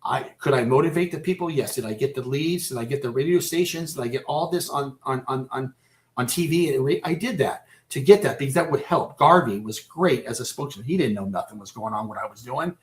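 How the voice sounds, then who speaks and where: A man telling his own story as a radio guest, halting and repeating himself, close to breaking down. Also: medium pitch. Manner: halting, repeats and restarts phrases. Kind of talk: personal storytelling in a radio interview.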